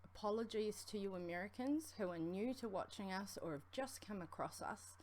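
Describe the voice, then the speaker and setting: A woman with a strong New Zealand accent co-hosting a livestream, talking fast in a rambling, friendly way. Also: medium pitch, lively intonation, a little hiss or hum. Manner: fast, rambling, affectionate shout-outs. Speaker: co-host of a vaping livestream. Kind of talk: casual livestream chat.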